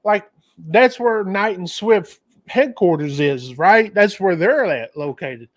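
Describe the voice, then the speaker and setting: A man's voice: sits high, lively intonation, slow. A man hosting a casual livestream, telling a rambling, digressive story. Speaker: trucking channel host.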